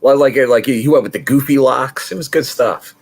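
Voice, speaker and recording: A man's voice: medium pitch, normal speed, husky. A man co-hosting a casual wrestling review podcast, easygoing and agreeable, chuckling along with his partner. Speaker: podcast co-host.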